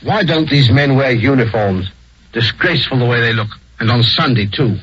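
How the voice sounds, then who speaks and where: A man's voice: mid-range voice, lively intonation, moderate pace, a bit bright, a little hiss or hum, close to an everyday voice. A man playing a short, stiff middle-aged Englishman with an English accent who disapproves of everything, in a 1940s radio drama on a dull old recording. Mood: disapproving.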